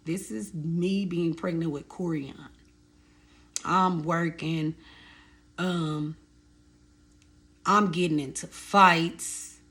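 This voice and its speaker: A young woman, casually telling her life story to her viewers, animated and repeating phrases for emphasis. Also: fairly low pitch, very slow, long pauses.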